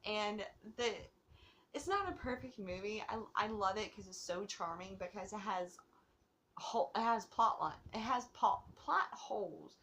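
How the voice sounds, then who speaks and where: A woman's voice: mid-range voice, expressive, measured pace, fairly bright tone, a little hiss or hum. A woman hosting her own movie review vlog, rambling and gushing with giggles, a bit tipsy from drinking. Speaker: host of a movie review channel.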